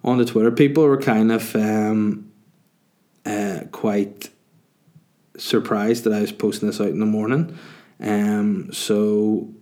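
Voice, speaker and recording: A man's voice: fairly low pitch, steady tone, slow, pauses often, warm tone. A young man hosting a casual solo podcast, rambling and swearing freely. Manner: rambling, chatty, swears freely, laughs easily. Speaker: podcast host.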